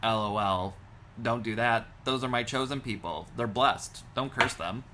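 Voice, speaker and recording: A man's voice: mid-range voice, measured pace, noisy background, close to an everyday voice. A man voicing God as a flippant, offhand deity. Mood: casual. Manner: flippant, casual.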